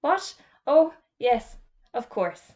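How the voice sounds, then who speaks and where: Woman narrator voicing a fussy male schoolmaster, storybook reading, high and sharp. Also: very animated, very slow, full character voice. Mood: flustered. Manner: snappish, then faint and flustered. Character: brisk fussy male schoolmaster, easily rattled.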